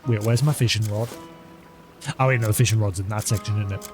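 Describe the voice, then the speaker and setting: A man's voice: on the low side, steady tone, fast, pauses often, music in the background. Chatty male game streamer. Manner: chatty, talks to in-game cat, baby-talk and meowing. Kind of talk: live gameplay commentary.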